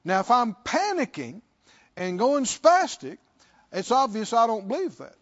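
A man's voice: extremely high pitch, sing-song, unhurried, highs cut off. A man preaching a sermon, reading scripture and repeating questions to his listeners with rising fervor.

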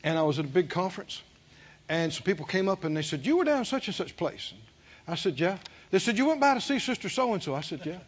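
High, fervent preacher man. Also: big pitch swings, fast talker, breathy edge. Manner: fervent, rising to emphatic shouts. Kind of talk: sermon. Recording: dull lo-fi sermon recording.

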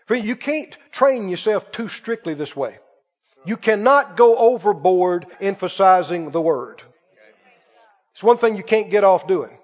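A man preaching a sermon as pastor, emphatic and repetitive, swinging between loud bursts and quiet asides. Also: high-pitched, expressive, a little slow. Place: church sanctuary. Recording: muffled church recording with long reverb.

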